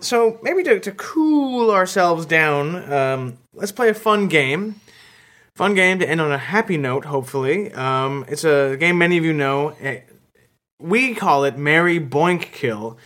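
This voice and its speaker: Hesitant deadpan male podcast host. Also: on the high side, measured pace. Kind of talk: comedy podcast chat.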